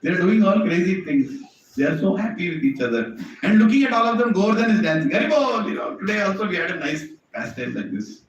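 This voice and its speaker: A man telling a devotional story to a temple audience, animated and often asking the audience questions. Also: sits high, quick pace, a little hiss or hum. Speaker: preacher. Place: temple hall. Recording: echoey hall, distant mic, dull sound.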